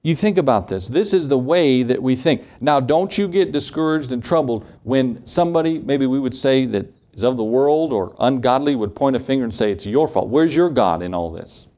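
A man's voice: mid-range voice, normal speed, few pauses, mellow. A man preaching a morning sermon, asking the congregation rhetorical questions and acting out short quotes.

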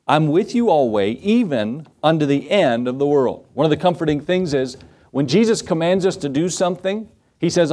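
A man's voice: a little high, a little mellow. A man preaching a sermon as pastor, telling folksy stories and acting out the people in them. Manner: folksy storytelling, acts out quotes.

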